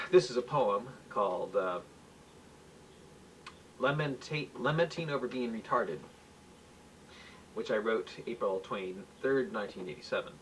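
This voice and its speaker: A man's voice: on the low side, measured pace, pauses often, a bit bright. Man reading his own stories, far from the mic. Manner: plain reading with slips and restarts. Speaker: amateur writer reading his own work. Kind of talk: home-recorded reading aloud. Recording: faint hiss, mic far off.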